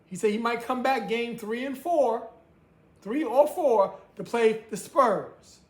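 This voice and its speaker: A woman's voice: on the high side, slow pace. A woman hosting her own sports talk show, ranting with emphasis and repeating her points. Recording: echoey room.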